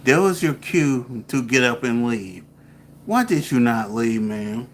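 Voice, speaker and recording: A man's voice: mid-range voice, big pitch swings, slow pace, a little hiss or hum. A man co-hosting a reaction video, dry and mocking with insulting asides. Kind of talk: casual commentary on a clip.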